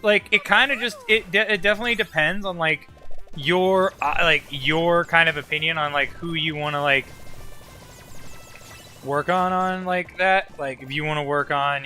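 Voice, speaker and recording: A man's voice: fairly high pitch, pushed and bright. A young man casually commenting while streaming a game, loose and profane, rambling with lots of filler words.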